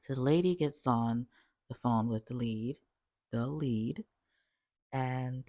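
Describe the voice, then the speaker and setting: A woman telling a call-center story in a chatty, animated storytime vlog, full of fillers. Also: rumbling low, takes it slowly, long pauses, dry recording, studio quality.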